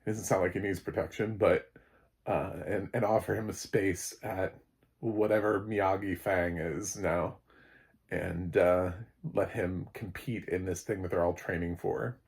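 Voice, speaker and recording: A man's voice: low voice, steady tone, measured pace, gravelly, a little mellow. A man giving a casual, rambling recap and review of a TV episode, with many fillers and chuckles. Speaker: film critic.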